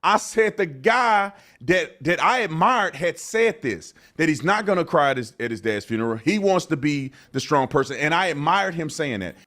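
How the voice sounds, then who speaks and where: A man explains his own point of view over clips, insistent and repeating himself. His voice is fairly high for a man and moves in a lively, animated way. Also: moderate pace, hardly any pauses. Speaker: commentator answering critics. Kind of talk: explanatory commentary.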